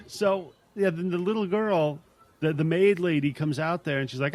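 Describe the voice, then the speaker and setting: A man's voice: a little high, unhurried, darkish tone, dry recording. A man hosting a podcast, casually and profanely recapping a horror movie, now and then mimicking the characters. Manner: profane, mocks characters in put-on voices. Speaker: podcast host.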